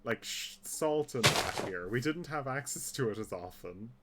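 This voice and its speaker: Irish guy streaming, rambles and restarts a lot, loud hiss behind him, mid pitched voice. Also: animated. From Ireland. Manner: rambling, halting, many fillers and restarts. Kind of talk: casual chat while gaming. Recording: loud background noise.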